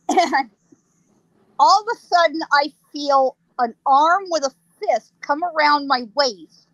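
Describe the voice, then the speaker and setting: A woman, a psychic guest, telling a ghost story in a lively way, laughing often and acting out sounds. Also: high voice, unhurried, dry recording, dull audio.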